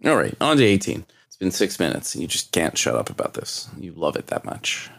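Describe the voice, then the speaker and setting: Man, very low voice, casual podcast co-host who jokes a lot. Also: wildly swooping pitch, fairly quick, creaky, a bit bright, no room sound. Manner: joking, chatty. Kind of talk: casual whiskey-tasting chat.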